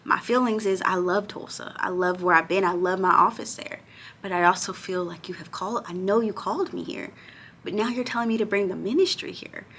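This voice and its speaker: A young woman vlogging in casual chat to camera, excitable, breaking into squeals and exclamations. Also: medium pitch, fairly quick, a little hiss or hum.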